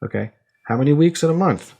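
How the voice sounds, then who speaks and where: A man's voice: fairly high pitch, expressive, fast, gravelly, dark tone. A young man co-hosting a casual podcast, talking in a rambling way full of restarts and fillers, quizzing his co-host as he explains. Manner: explains by asking his co-host quiz questions.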